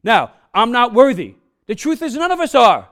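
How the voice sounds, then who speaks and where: A man's voice: extremely high pitch, big pitch swings, normal speed, a bit bright. A male pastor with an accent, preaching a sermon to his congregation with punchy repeated questions and frequent "huh?" checks, in a church. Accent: non-native English accent. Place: church sanctuary.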